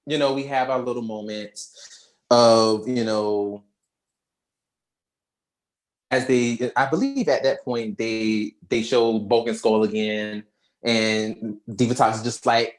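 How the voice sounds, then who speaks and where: Young woman on a podcast, low voice, slangy, acts out all the lines as she retells the movie. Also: takes it slowly. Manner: animated storytelling, slangy, acts out quotes. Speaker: podcast co-host. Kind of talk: casual movie recap chat.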